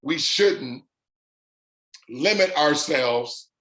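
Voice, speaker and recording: A man with a fairly high voice talks to his online community in an unscripted live stream. He hammers his points home in short repeated lists and stretches out the words he wants to land. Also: animated, extremely slow, a bit bright. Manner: emphatic, repeats phrases in punchy lists. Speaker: host of an online business community.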